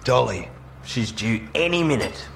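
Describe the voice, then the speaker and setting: A hesitant, mumbling cousin caught up in the act. His voice is gravelly and swings widely in pitch. A faint hiss sits beneath it. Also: big pitch swings, a little slow, fairly bright tone, exaggerated voice. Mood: nervous. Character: nervous male cousin playing along.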